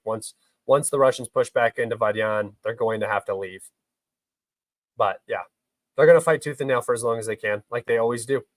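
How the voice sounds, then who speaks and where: A man's voice: mid-range voice, no echo, poor audio. Blunt, argumentative young man. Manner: blunt, argumentative, swears, reads chat questions aloud. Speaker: podcast host answering live chat. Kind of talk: heated live-stream commentary.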